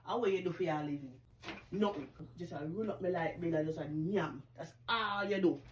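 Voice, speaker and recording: A woman playing a scornful Jamaican mother who briskly and sarcastically scolds her lazy child. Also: lowish voice, a little hiss or hum, lightly acted. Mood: scolding.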